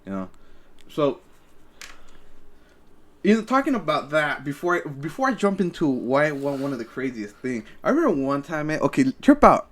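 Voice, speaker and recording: A man's voice: a little high, sing-song, normal speed, pauses often, fairly bright tone. A young man hosting a podcast, telling stories in casual chat, profane and rambling with lots of stammered restarts. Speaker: podcast host.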